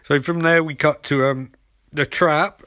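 A man's voice: on the high side, fairly even intonation, unhurried, sharp tone. A man giving a casual, irreverent comedic recap of a TV episode, rambling and swearing. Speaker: podcast host recapping a TV episode.

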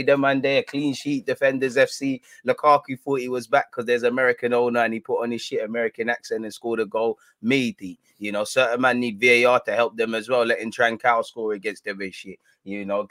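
A young man banters at the camera in a playful, teasing fan vlog, full of street slang. His voice sits in an ordinary middle pitch. The sound is dry and close, with no room echo. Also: fairly bright tone. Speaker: football vlogger. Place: indoors in front of a green screen.

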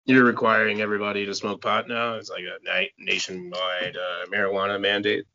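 A man co-hosting a podcast in casual chat, halting and full of fillers as he talks about himself. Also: fairly low pitch, level tone, creaky, pushed and bright, no room sound. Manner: halting, filler-heavy, self-deprecating. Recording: dull, dry lo-fi audio.

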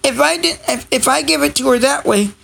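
Foul-mouthed, rambling podcast host, gravelly. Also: high voice, fairly quick. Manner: profane, rambling and sarcastic. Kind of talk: casual monologue. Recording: loud background noise and crowd chatter.

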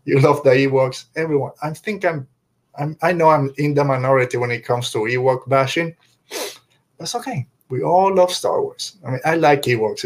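Enthusiastic man chatting on a podcast. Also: mid-range voice. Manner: rambling, enthusiastic, slips into quick character impressions. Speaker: podcast co-host. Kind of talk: casual fan review chat.

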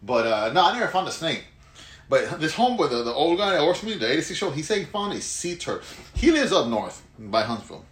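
Brief: casual male podcast co-host, rambling and profane, lively voice, echoey room with faint hum. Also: a little high, fast. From Houston. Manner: rambling storyteller, profane, laughs a lot. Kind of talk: casual chat.

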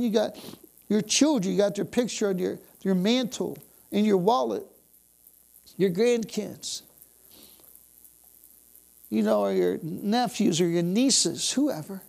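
A woman's voice: mid-range voice, creaky, darkish tone. A woman preaching a sermon, exuberant, bursting into exclamations of praise and dwelling on repeated phrases.

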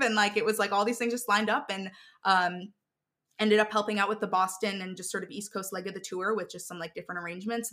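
Young adult woman, interview guest, bright voice, chatty and animated. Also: medium pitch. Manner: animated storyteller, many fillers and restarts. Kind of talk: casual interview chat.

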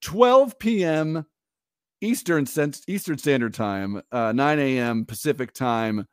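A man's voice: medium pitch, animated, slow pace, smooth, no room sound, clean studio sound. A man co-hosting a podcast in casual chat, chatty and rambling, often laughing. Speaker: podcast co-host.

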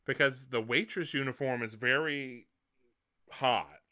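A man with a very bright, sharp, forceful voice, chatting casually. He rambles, hedges and restarts his sentences as he goes. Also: mid-range voice, a little slow. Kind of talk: casual film discussion.

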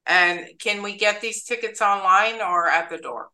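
A woman with a bright, clear-edged voice hosts a podcast. She talks chattily and upbeat, and she stumbles over a name now and then. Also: mid-range voice, unhurried, low-quality recording. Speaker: podcast host. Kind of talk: casual interview.

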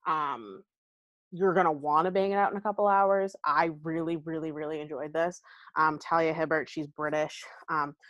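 Woman host, chatty and unfiltered, slightly low voice, close and dry. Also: fairly even intonation, normal speed, a bit bright, no echo. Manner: chatty and candid, rambling asides with frequent likes and ums. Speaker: podcast host. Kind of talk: casual book review chat.

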